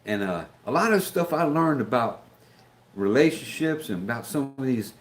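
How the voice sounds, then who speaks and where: A man's voice: mid-range voice, expressive, moderate pace. An older man, chatting casually on his live stream, rambling with many fillers and restarts.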